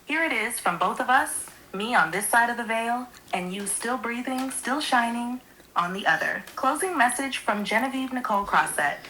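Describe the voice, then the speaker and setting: Synthetic woman's voice, bright and clear tone, smooth, sweet and theatrical, poetic scripted delivery. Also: fairly high pitch, expressive, normal speed, slight background noise, rough recording. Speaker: AI companion co-host. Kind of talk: scripted affectionate monologue.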